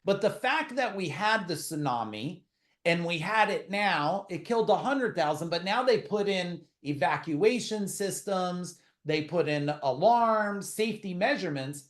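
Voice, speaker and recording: Male host, fairly high voice, conversational, answers viewer questions. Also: lively intonation, unhurried. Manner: conversational, many fillers and restarts.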